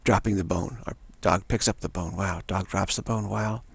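A man in the role of a spiritual teacher gives a meditative dharma talk. His low voice is heavily gravelly with a husky grain. He talks slowly and repetitively, restarting phrases and returning to a chanted "wow.". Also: fairly even intonation, no echo.

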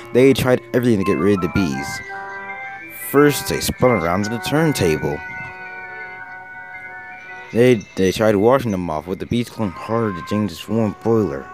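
A man narrating a children's story about engines in a brisk storytelling manner. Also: on the low side, animated, darkish tone. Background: music.

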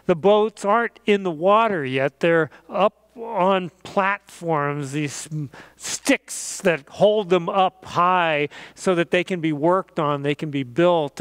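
Speaking in a high-pitched, clean-toned male voice with no echo, a pastor tells a story for the children's message and finishes in prayer. He is gentle and lively, tossing in playful sound effects.

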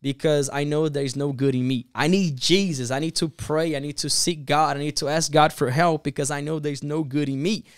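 A man's voice: on the high side, fairly quick, few pauses, dry recording, clean studio sound. A man who is a pastor, telling stories and preaching earnestly in a casual podcast chat, acting out the voices in his stories. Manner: earnest, animated storyteller who acts out quotes.

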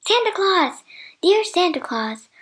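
A woman's voice: extremely high pitch, moderate pace, fairly bright tone, voice pushed up. A woman voicing a sad, anxious male scarecrow who pleads in a tearful storybook voice. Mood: pleading.

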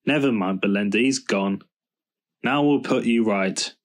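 A kindly, steady garage mechanic from a children's storybook, performed by a male reader. He talks in a slow, reassuring way and can turn firm and stern. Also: on the low side, close to an everyday voice. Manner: warm and reassuring, stern when angry. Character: kindly middle-aged male mechanic, firm when crossed.

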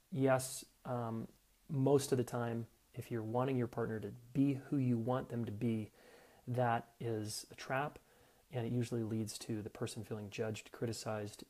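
A middle-aged man hosts a relationship advice podcast at an average pitch. He talks frankly and casually, slipping into short quoted lines as he acts out what partners might say to each other. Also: darkish tone. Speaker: podcast host and relationship coach.

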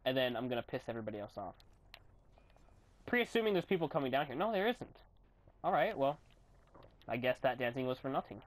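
A young man giving rambling, goofy commentary while recording his own game, often bursting into yells and silly voices. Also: medium pitch, sing-song, fairly quick, pauses often. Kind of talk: gameplay commentary.

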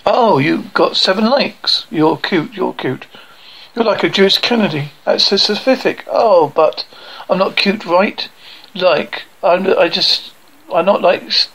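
A man's voice: sits high, vocal fry, fairly bright tone, poor audio. A man performing a one-man reading of a sitcom script, voicing every part himself and reading the stage directions aloud.

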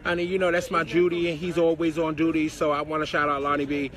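A man's voice: on the high side, flat delivery, fast, fairly bright tone. A man hosting a casual live stream outdoors on a city street and filmed on a handheld phone. He talks in a sassy, dramatic way, full of endearments and swearing. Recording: busy street crowd noise.

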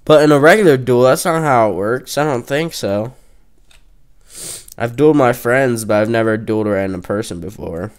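A man's voice: mid-range voice, moderate pace, smooth. A young man giving casual, goofy gameplay commentary, trash-talking opponents and joking around. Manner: goofy, trash-talking, breaks into off-key singing.

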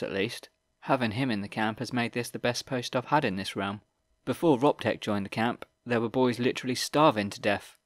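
A man's voice: on the low side, no echo, studio quality, close to an everyday voice. A man voicing a cheerful, easygoing teenage boy soldier in an audiobook reading. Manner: easy, chatty, cheerful.

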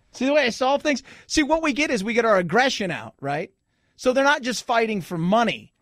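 A man's voice: very high voice, very animated, normal speed, long pauses, fairly bright tone, no room sound, shouting, clean studio sound. A middle-aged man hosting a radio talk show, chatting casually with joking, sarcastic asides. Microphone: studio microphone.

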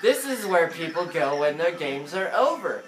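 A man voicing a chatty, joking male shade who greets newcomers to the underworld, loud and breezy. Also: fairly high pitch, very animated, normal speed, a little hiss or hum, pitched above the performer's own voice. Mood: jokey. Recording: echoey room with game music.

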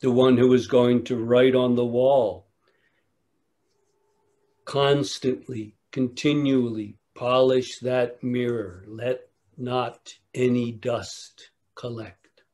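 A man giving a dharma talk at a retreat, telling a teaching story in a measured way with long pauses. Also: medium pitch, little pitch movement, a little mellow. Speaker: meditation teacher.

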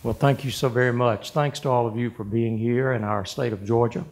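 An older man, giving a measured, deliberate award acceptance speech as a governor. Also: medium pitch, steady tone. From United States. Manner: measured, deliberate, emphatic on key words. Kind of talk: formal speech at a podium.

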